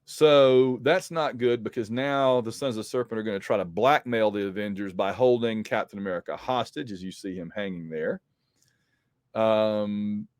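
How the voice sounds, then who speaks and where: A man's voice: lowish voice, a little mellow, clear, resonant tone, no room sound, studio quality. A man casually recapping a comic book story as a podcast host, rambling with frequent ums and self-corrections.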